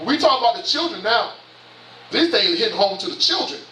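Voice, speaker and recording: A man's voice: high-pitched, very animated, a little fast, pushed and bright, slight background noise. Southern bishop in his 50s preaching hard, tons of questions, echoey church, far off. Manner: impassioned, repetitive preaching with rhetorical questions. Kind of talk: sermon. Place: church sanctuary.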